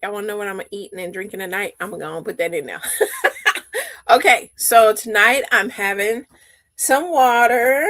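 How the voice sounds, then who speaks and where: A woman's voice: fairly high pitch, fairly bright tone. A woman co-hosting a casual online chat, chatty and playful, often laughing. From Texas. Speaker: co-host.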